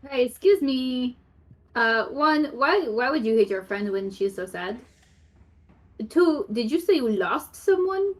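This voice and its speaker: Higher-voiced woman player in character. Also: lively intonation, a little slow. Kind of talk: in-character tabletop play.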